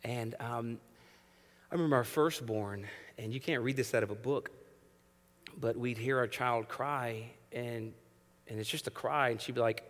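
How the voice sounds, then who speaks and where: A man in his thirties, a pastor preaching a sermon in a church sanctuary, animated, swinging between hushed and loud and acting out voices as he talks. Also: medium pitch, a little fast, in a large hall.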